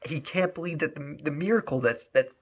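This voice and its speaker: A man telling a story in an animated, emphatic way, often repeating words. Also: a little high, fairly quick, slightly rough. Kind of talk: spoken storytelling.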